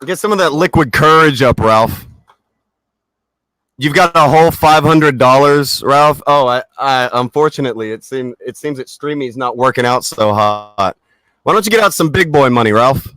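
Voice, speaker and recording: A man on a livestream, ranting with a mocking, sarcastic edge and plenty of swearing. His voice sits at an ordinary middle pitch and sounds dry and close, with no room around it. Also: moderate pace, a bit bright, dry recording. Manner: mocking, sarcastic taunting with laughs. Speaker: livestream host. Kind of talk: profane livestream rant.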